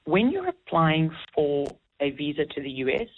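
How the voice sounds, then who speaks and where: A woman, an immigration consultant, explaining things clearly as a guest in a phone-in radio interview. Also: deep voice, big pitch swings, moderate pace. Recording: tinny phone line.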